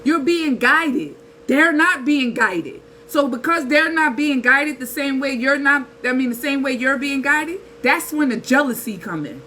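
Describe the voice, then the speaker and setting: A woman, giving a casual spiritual talk in an animated, preachy way with slang and rhetorical asides. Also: sits high, measured pace, few pauses, a little hiss or hum, rough recording. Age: 30s. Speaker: spiritual channel host.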